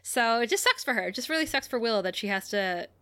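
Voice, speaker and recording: Bright, high-voiced woman recapping an episode. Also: quick pace, clean tone. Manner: animated storytelling, laughing often. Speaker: podcast co-host. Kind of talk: casual chat recapping a TV episode.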